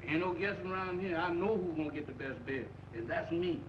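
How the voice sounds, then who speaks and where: An actor playing an excitable, easily scared young roommate in a 1940s film comedy. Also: male voice, fairly quick, close to an everyday voice. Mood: bickering. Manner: excitable, shrill when frightened. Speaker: comic film character. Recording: dull old film soundtrack with hiss.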